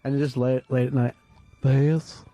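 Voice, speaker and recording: A man's voice: medium pitch, flat delivery, unhurried, mellow, soft background music, pitched below the performer's own voice, natural voice. A radio host voicing a crude, goofy southern redneck man with a put-on Southern accent, wooing in a sing-song way during a comedy radio bit. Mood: lovesick. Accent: put-on American Southern.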